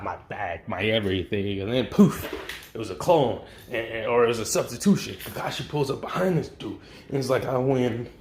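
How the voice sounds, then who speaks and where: A man's voice: lowish voice, slight background noise. A man hosting his channel, casually telling a fan what-if story in loose, slangy talk full of fillers and swearing. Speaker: channel host. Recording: roomy echo.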